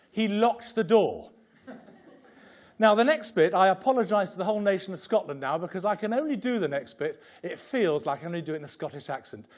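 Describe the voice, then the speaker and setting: Lively, high-voiced man giving a talk. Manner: animated, joking and impassioned. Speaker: fundraising director presenting at a seminar. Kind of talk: humorous seminar talk. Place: conference room with an audience.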